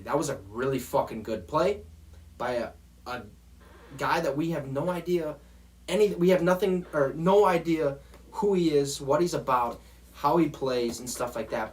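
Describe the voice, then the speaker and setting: A man hosting a football show, ranting in a profane, exasperated way straight to his viewers. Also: mid-range voice. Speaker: sports show host. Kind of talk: heated football rant.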